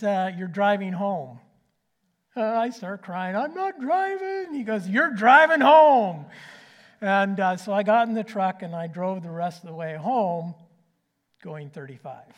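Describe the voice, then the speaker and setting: A man, preaching a sermon with a folksy personal story, swinging between loud and hushed. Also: high-pitched.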